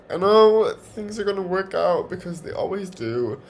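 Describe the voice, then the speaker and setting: A young man vlogging from home, talking in a halting, emotional way and swearing often. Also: sits high, big pitch swings. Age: young adult. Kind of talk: confessional personal vlog.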